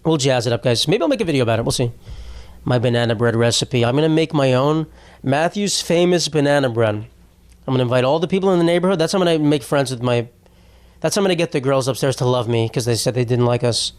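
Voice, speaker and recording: A young podcast host rambles through a casual comedic solo rant, swearing freely, joking and cutting himself off mid-thought. His voice is medium-pitched, animated and quick.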